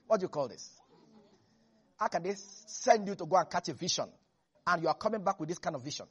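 A preacher giving an animated sermon, repeating lines for emphasis and laughing often. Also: mid-range voice, quick pace, slightly rough, highs cut off. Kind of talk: lively sermon.

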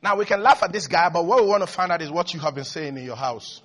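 A man preaching a sermon as a pastor, emphatic and repetitive, with sudden loud rises. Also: on the high side, lively intonation, fast talker.

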